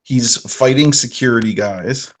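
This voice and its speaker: A man co-hosts a live podcast. He retells movie scenes at an easy, conversational pace. His voice has a fairly low pitch that sits at the middle for a man. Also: measured pace. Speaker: podcast co-host.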